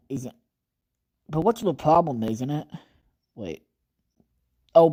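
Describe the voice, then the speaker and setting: A young man around twenty rambles through his livestream chat with a mellow, dark-toned voice. He jokes and swears freely and drifts off topic. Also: fairly high pitch, takes it slowly, long pauses. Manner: rambling, profane, joking. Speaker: podcast host reading creepypastas on a livestream.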